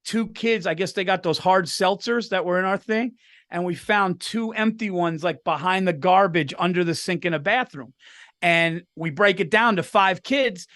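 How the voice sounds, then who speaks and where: A man's voice: sits high, fairly bright tone, no echo, studio quality. A middle-aged man co-hosting a podcast, telling stories in casual chat, swearing freely and laughing as he talks. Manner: swearing storyteller, laughs through his stories. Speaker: podcast co-host.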